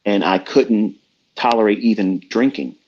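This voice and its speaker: A man's voice: on the low side, measured pace, darkish tone, breathy edge. A middle-aged man talking as a trading mentor in a blunt, profane, preachy rant. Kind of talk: unscripted rant. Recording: dull lo-fi audio.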